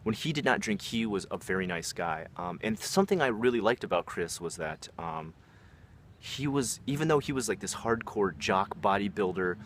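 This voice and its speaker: A man's voice: on the low side, lively intonation, normal speed, a bit bright, a little hiss or hum. A young man telling a personal story in a casual, rambling way, with many fillers and asides.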